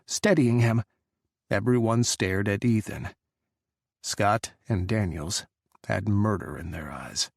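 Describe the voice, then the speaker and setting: A man reading a romance audiobook in a measured, dramatic narration style, on a close studio mic. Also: mid-range voice, creaky, dry recording.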